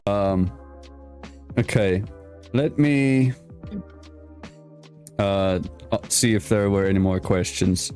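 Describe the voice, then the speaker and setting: A man's voice: fairly low pitch, slow pace, long pauses, a little mellow, soft background music. A young man hosting a casual interview, playful and teasing, often stammering and restarting. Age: young adult. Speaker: host.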